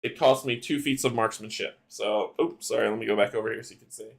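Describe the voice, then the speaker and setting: A man's voice: lowish voice, fairly even intonation, quick pace, vocal fry. A man casually playing a solo card game adventure, thinking aloud and laughing often. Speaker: game player.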